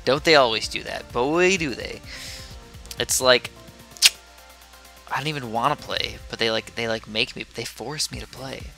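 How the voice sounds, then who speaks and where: Young man, sleepy gameplay commentator, rambling and chatty, bright tone. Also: mid-range voice, moderate pace, gravelly, pauses often, faint music behind. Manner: rambling, chatty, drifts off topic. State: sleepy, yawning.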